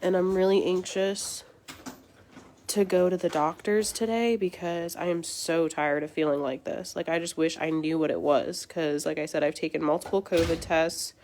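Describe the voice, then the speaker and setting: A woman's voice: fairly low pitch, steady tone, moderate pace, a little mellow, a little hiss or hum. A young woman, congested and sore-throated, chatting to viewers in a casual livestream update and venting her frustration. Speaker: beauty livestream host.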